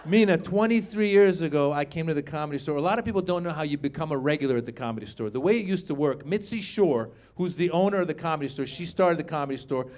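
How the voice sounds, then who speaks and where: A man's voice: fairly high pitch, animated, quick pace, few pauses, darkish tone. A middle-aged man doing a stand-up comedy set in a club, telling a story and acting out other people's lines. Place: comedy club stage with live audience.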